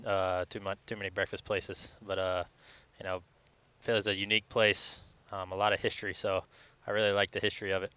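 A young man from Louisiana answering fan questions in a relaxed, hesitant way, with many pauses and fillers. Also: low voice, clean tone. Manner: laid-back, hesitant with many uhs. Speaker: guest athlete. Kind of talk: casual interview answers.

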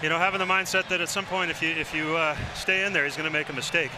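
A young man, a baseball player, giving a quick, casual postgame interview with fillers. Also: a little high, fairly even intonation, background noise.

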